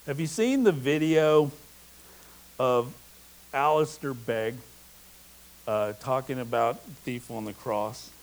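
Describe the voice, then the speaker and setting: A man's voice: medium pitch, takes it slowly, long pauses, low-quality recording. A man preaching a sermon in an earnest, emphatic way, with a touch of humor. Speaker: pastor.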